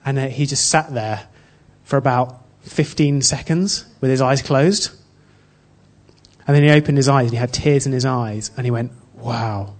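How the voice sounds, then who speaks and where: A man giving an informal sermon built around a personal story, earnest and halting, with frequent restarts. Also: mid-range voice, steady tone, a little mellow. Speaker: church speaker.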